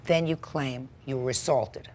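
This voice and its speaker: A woman's voice: extremely low pitch, fairly even intonation, a little slow, darkish tone, slight background noise. A woman presiding as a television judge, questioning a litigant bluntly and sarcastically in a courtroom.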